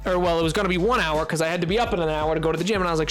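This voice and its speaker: A man's voice: fairly high pitch, fairly bright tone, soft background music. A young adult man streaming a game, chatting casually with viewers in a rambling, playful way full of fillers. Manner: rambling, playful, quick to laugh, filler-heavy. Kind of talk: casual live-stream chat.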